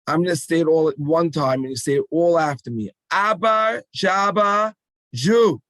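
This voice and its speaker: A man's voice: fairly high pitch, fast talker, darkish tone, dry recording. A man giving an emphatic call-and-response talk to children at a rally. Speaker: speaker addressing children.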